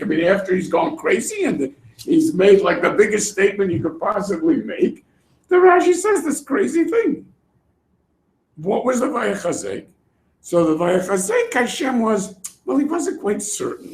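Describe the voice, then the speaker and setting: A man teaching a Torah class in an animated way, acting out voices and laughing often. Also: high voice, unhurried. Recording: echoey room.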